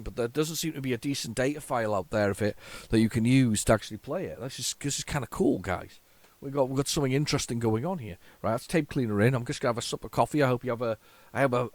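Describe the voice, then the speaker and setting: A man's voice: medium pitch, dry recording. A man hosting a retro computing video, chatting casually and rambling to viewers as he tests old tapes. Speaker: retro computing channel host.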